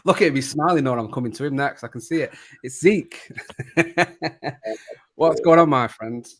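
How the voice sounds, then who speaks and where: A man hosting a casual kit-ranking chat, jokey and quick to laugh. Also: mid-range voice, fairly bright tone, husky. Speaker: podcast host.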